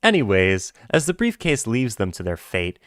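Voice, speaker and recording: A man's voice: lowish voice, wildly swooping pitch, normal speed, fairly bright tone, soft background music. A man talking through a video analysis of a show in a wry, joking and speculative way. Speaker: commentary host.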